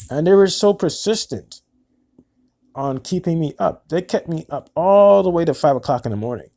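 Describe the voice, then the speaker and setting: Halting young man recounting events. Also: a little high, lively intonation, dark tone. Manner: halting, repeats words, earnest. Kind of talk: personal monologue recounting events.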